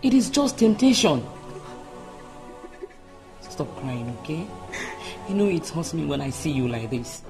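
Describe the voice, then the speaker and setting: An actress with a Nigerian accent playing a mother who calms her crying daughter. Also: low-pitched, over music, heavily acted. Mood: soothing. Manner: soothing, slow.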